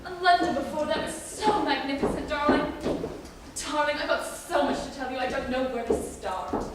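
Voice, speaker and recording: A woman's voice: high-pitched, moderate pace, close to an everyday voice. A woman plays a showy, gushing actress and socialite in a school stage play. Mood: gossipy. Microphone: far camera in audience. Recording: echoey hall, far camera, noisy.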